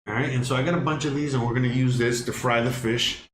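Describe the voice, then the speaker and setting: A man's voice: mid-range voice, steady tone, fast. A man hosting a casual cooking livestream from his home kitchen, rambling with lots of fillers and restarts. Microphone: microphone on kitchen counter setup. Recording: echoey kitchen with background noise.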